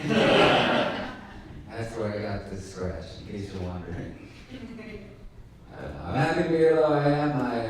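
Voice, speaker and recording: A man in his forties doing a stand-up set in a small dark room, wry and self-deprecating, laughing at his own jokes. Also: mid-range voice. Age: 40s. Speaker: stand-up comedian. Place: tiny dark performance room. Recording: echoey and distant, faint hiss.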